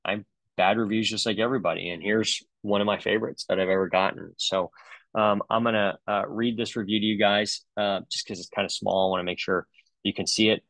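A man's voice: fairly low pitch, fairly even intonation, a little fast, creaky, a bit bright, no room sound, poor audio. A middle-aged man, a dentist, giving a comedic webinar talk in a sarcastic, joking way with loose fillers.

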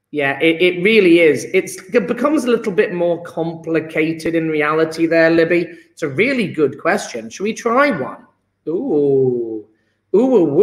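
A man's voice: fairly high pitch, a bit bright, echoey room. A man teaching a chemistry lesson online, encouraging and upbeat, cracking jokes with his students.

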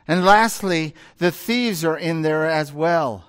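A male pastor delivers a sermon in a high, light voice. He takes his time and lets each point land slowly. He often turns to the congregation with rhetorical questions. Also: clean tone. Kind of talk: expository sermon.

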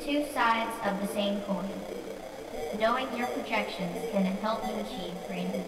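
A woman's voice: medium pitch, unhurried, natural voice. Woman voicing a cryptic echoing game guide. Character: mysterious calm female guide speaking in riddles. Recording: echoey distant voice in a hall, loud game noise.

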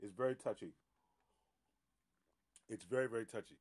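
A man's voice: fairly low pitch, moderate pace, a little mellow, husky. A middle-aged man, a pastor, chatting casually on a phone live stream, greeting viewers by name with many fillers and easy laughs. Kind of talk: casual live-stream chat before a Bible teaching.

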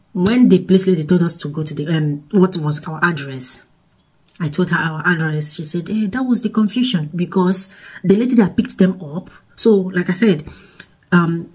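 A Nigerian woman vlogger retelling a story in an emotional, animated way, with restarts and pidgin phrases. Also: low-pitched, breathy edge, rough recording. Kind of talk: storytime vlog.

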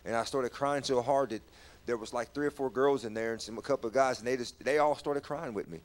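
A man telling his personal testimony in a church talk, halting and repeating words, his voice rising when he is stirred. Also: mid-range voice. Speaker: guest sharing testimony.

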